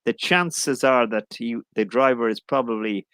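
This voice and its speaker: A man's voice: medium pitch, unhurried, fairly bright tone, no room sound. A man with an Irish accent, an English teacher in a casual live chat, rambling and jokey, often correcting himself.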